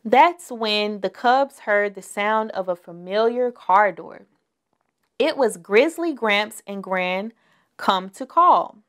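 Woman reading a kids picture book out loud, slow and gentle, mid-pitched voice. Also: animated. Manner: slow, gentle, clear storytelling. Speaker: storyteller.

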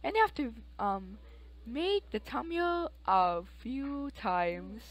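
A woman's voice: on the high side, sing-song, slow pace, poor audio. A woman giving chatty, rambling commentary while playing a life-simulation game, with frequent exclamations. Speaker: let's play host. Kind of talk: casual gameplay commentary.

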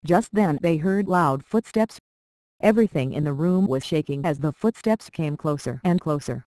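A narrator reading a children's storybook aloud with a steady, even delivery. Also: medium pitch, moderate pace, no room sound, poor audio.

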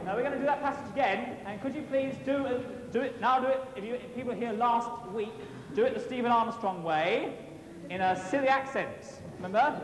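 A young man with a high voice addresses a choir as chorus master, brisk and playful. He is heard from some way off in a large, echoing hall with a long reverb. Noise is clear in the background. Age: young adult. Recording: echoey hall from far off.

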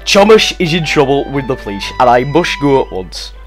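A man's voice: mid-range voice, big pitch swings, normal speed, faint music behind, lightly acted. A man with a Scottish accent voicing a stout, bossy male railway boss who blusters indignantly.

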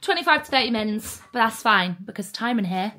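A woman's voice: fairly high pitch, animated, brisk. Chatty woman vlogging. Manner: chatty, bubbly, coos to her dog. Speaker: lifestyle vlogger. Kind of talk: casual chat to camera. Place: cabin in the woods.

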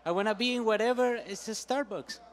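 A man's voice: sits high, brisk. A man answering street interview questions in a rambling, hesitant way.

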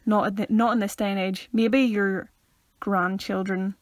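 A woman's voice: medium pitch, fairly even intonation, unhurried, no echo. A young woman co-hosting a casual podcast, playful and giggly, sometimes dropping into a half-whisper. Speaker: podcast co-host. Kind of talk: casual chat.

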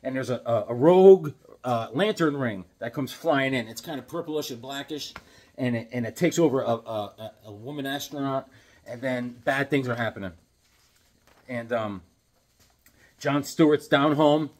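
A man's voice: mid-range voice, moderate pace, a little mellow. A middle-aged man hosting a casual comic book review, rambling and often restarting his sentences. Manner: rambling, repeats and restarts himself. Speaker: comic book video host.

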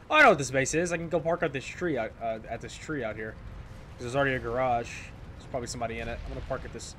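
A man's voice: medium pitch, fast, bright, forceful tone, slight background noise. A man giving casual, jokey commentary over his own gameplay, talking to his viewers, repeating phrases and swearing when things go wrong. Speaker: gameplay streamer.

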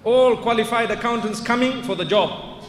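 A man's voice: very high voice, moderate pace, a little hiss or hum. A man preaching in a mosque, telling stories with rhetorical questions and rising to emphatic outbursts. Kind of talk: lecture in a mosque. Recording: echoey hall with long reverb.

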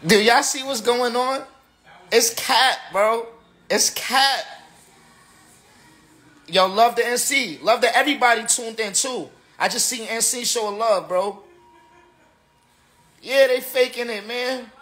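A man's voice: very high voice, slow, long pauses, pushed and bright. A tipsy man, a battle rapper, ranting on a livestream in an emphatic, repetitive, slangy way. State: tipsy from drinking. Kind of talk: casual livestream rant.

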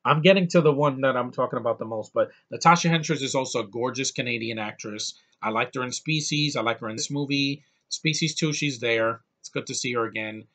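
Excitable man gushing in a rambling review. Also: mid-range voice, a little fast, few pauses. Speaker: movie reviewer. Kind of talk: casual movie review vlog.

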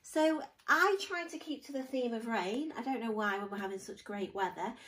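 A woman's voice: on the high side, normal speed, fairly bright tone, recorded from a distance, poor audio. A woman teaching a grammar lesson to pupils, patiently explaining step by step with examples.

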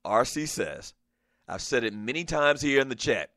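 Male talk host, sharp bright tone, emphatic, repeats himself, jokes and laughs between points. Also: mid-range voice, lively intonation, moderate pace. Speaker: podcast host. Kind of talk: casual sports talk show.

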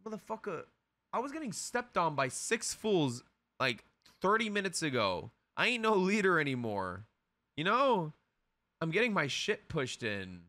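A man giving casual reaction commentary while watching an anime, excitable and full of profane slang. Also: on the high side, a little slow.

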